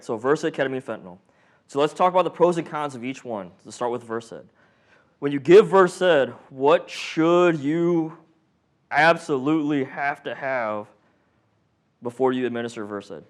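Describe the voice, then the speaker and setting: A man teaching a paramedic training class in a casual, joking way, quizzing the room and acting out patients. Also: medium pitch. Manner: joking, animated, acts out patient and monitor voices. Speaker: paramedic instructor.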